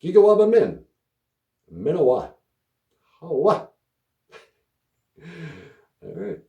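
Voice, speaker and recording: Slow, laughing man telling stories. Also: fairly high pitch, very animated, roomy sound, phone-quality sound. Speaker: host of language podcast. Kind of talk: casual storytelling lesson.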